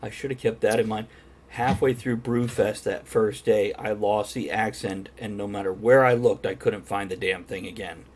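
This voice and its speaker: A man's voice: on the low side, fairly even intonation, normal speed. A man hosting a casual pub-style chat show, joking crudely and laughing often. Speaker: podcast host.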